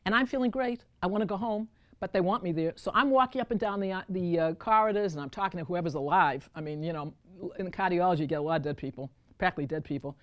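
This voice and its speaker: A woman's voice: fairly low pitch, fast talker. A woman performing a one-woman storytelling show, talking straight to the audience and calling them folks. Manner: animated, addresses audience as folks. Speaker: solo stage performer.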